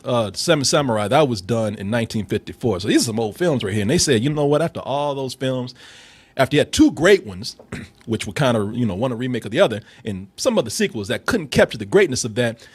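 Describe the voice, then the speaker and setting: A man's voice: fast, slightly rough. A man hosting a podcast, talking through a movie review in a casual, joking way. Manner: animated, joking, laughs often, swings pitch widely.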